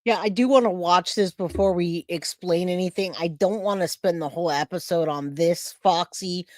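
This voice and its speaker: A woman's voice: lowish voice, normal speed, no echo. A woman from California hosting a casual live stream, chatting to her viewers by name and commenting on a case. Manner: chatty, talks to chat by name. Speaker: true crime streamer host.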